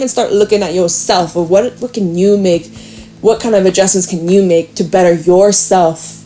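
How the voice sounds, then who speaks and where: A woman giving a casual, frank tarot reading to her viewers, chatty and quick to swear and laugh. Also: medium pitch, warm tone. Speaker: tarot reader.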